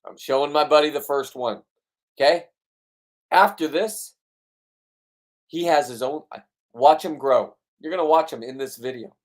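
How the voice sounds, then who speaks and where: A man's voice: on the high side, a little slow, long pauses. Profane, ranting fishing vlogger man. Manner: blunt, profane, ranting, boastful. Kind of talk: casual voice-over narration of his own video.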